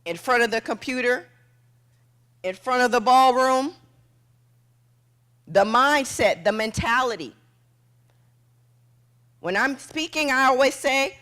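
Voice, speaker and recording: A woman giving a motivational keynote speech on stage, telling a dramatic story in short punchy phrases and dropping to a hush at tense moments. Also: fairly high pitch, lively intonation, unhurried, long pauses. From United States. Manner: acts out quoted voices, drops to a hush for tense moments. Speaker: motivational speaker. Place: event stage before an audience.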